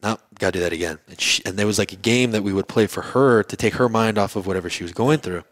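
A man, a podcast guest, telling a story in a lively way and acting out other people's lines. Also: fairly low pitch, fast talker, dry recording. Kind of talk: casual storytelling interview. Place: convention trade show booth.

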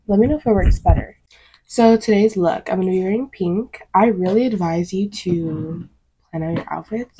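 A woman's voice: medium pitch, dark tone, a little hiss or hum, rough recording. A young woman vlogging her morning routine in a casual, rambling way, swearing now and then, recorded by a camera on a tripod in her bedroom. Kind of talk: casual get-ready-with-me chat. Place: home bedroom, indoors.

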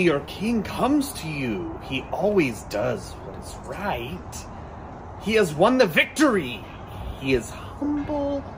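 An ancient prophet calls out his message in a slow, declaiming way, played by a performer. The voice swoops high and low as it proclaims. Steady outdoor noise and a passing vehicle sit behind the voice. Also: full character voice. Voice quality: slow, declaiming, swinging pitch. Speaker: prophet in a Bible video. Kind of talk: dramatic proclamation.

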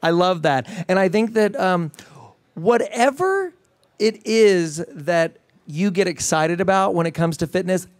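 A middle-aged man as the guest in a casual interview, talking with animated enthusiasm and many fillers and restarts. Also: high voice, a little slow, no room sound. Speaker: fitness trainer guest.

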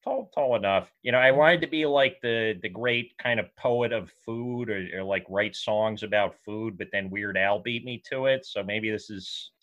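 Bright-voiced man, halting casual talk. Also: on the low side, muffled recording. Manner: halting, many restarts and fillers. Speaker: podcast co-host. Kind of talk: casual chat.

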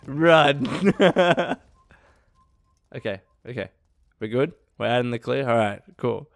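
A young man giving excitable, swearing let's play commentary, laughing often. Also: mid-range voice, moderate pace, creaky, no room sound, studio quality. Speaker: gaming youtuber.

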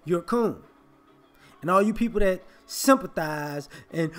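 A man's voice: sits high, big pitch swings, slow pace, vocal fry, long pauses, fairly bright tone, soft background music. A man, delivering an emphatic, confrontational opinion monologue as a vlogger.

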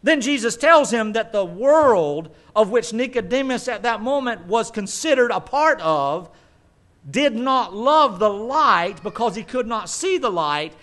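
High-voiced pastor preaching emphatically. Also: male voice, lively intonation, measured pace, fairly bright tone. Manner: emphatic preaching with asides and mock quotes. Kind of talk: sermon.

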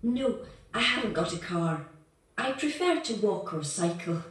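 A frank flat-hunting client. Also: female voice, mid-range voice, a little slow. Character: adult woman client, new to town. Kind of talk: scripted coursebook dialogue. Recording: echoey playback heard from far off.

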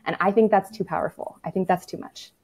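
A woman's voice: medium pitch, steady tone, fast talker, a little mellow, slightly rough. A woman speaking as a toddler-parenting expert in a casual podcast conversation, frank and matter-of-fact, with lots of "like" and the odd swear word.

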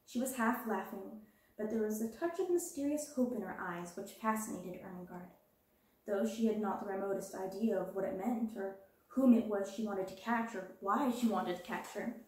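A woman reading a children's classic aloud as a storyteller, with gentle, even narration. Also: mid-range voice, moderate pace, very echoey, low-quality recording.

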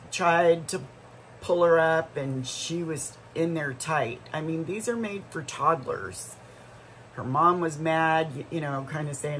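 A woman's voice: sits low, a bit bright, slight background noise, low-quality recording. A middle-aged woman vlogger telling a story in a casual, rambling way, full of asides and restarts.

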